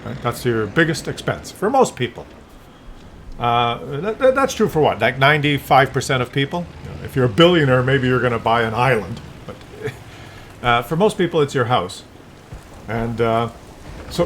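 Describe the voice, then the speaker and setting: A man's voice: mid-range voice, a bit bright, a little hiss or hum. An older man talking in a loose, rambling monologue, often restarting words and acting out little scenes. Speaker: vlogger.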